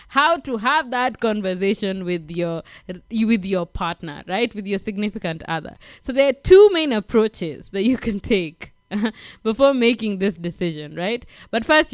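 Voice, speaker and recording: A woman's voice: medium pitch, dry recording, clean studio sound. A woman with an African accent hosting a late-night radio talk show, giving relationship advice in a chatty way, laughing often and asking "right?". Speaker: radio host. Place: radio studio.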